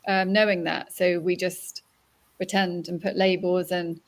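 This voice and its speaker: A woman's voice: fairly low pitch, level tone, measured pace. A woman hosting a conversational interview, chatty and reflective. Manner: chatty, reflective, laughs easily. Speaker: podcast host.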